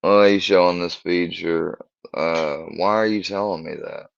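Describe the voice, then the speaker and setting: A man speaks in a very low, gravelly voice, talking slowly and in a halting way as he hunts for words. This is a casual live stream from home. The audio is dull and lo-fi. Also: steady tone, no echo.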